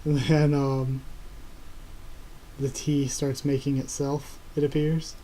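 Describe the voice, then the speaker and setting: A man reading through a comic chapter live and reacting casually, excitable and laughing often. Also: mid-range voice, slow, a little hiss or hum. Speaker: YouTuber reacting to a manga chapter.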